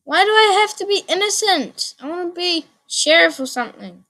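A woman hosting her own gaming channel, giving excitable let's play commentary, repeating phrases and letting out sudden yelps. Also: very high-pitched, normal speed.

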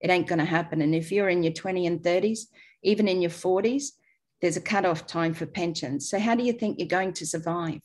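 A middle-aged Australian woman with an Australian accent, hosting a webinar and giving a blunt, emphatic sales pitch over a video call. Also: brisk, a little mellow. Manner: blunt, emphatic, talks straight to listeners. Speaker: webinar host.

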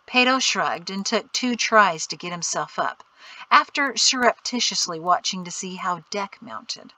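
A woman narrating an audiobook in a clear, steady storytelling way. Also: mid-range voice, unhurried, no echo, rough recording.

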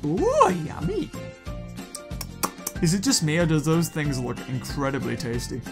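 A man hosting a gaming video, chatting and joking excitedly to his viewers while he plays. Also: fairly high pitch, fairly quick, music in the background. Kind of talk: let's play commentary.

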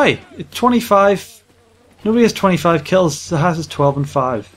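Playful, excitable male gamer. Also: fairly high pitch, fairly quick, slight background noise. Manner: playful, jokey, excitable rambling. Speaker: gaming channel host. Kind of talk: casual gameplay commentary.

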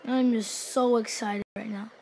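A high-pitched woman narrates her own gameplay in a hyper, gushing rush. She repeats her exclamations over and over and jumps from loud cheering to low mumbled asides. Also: steady tone, unhurried. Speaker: gaming channel host. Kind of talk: excited gameplay commentary.

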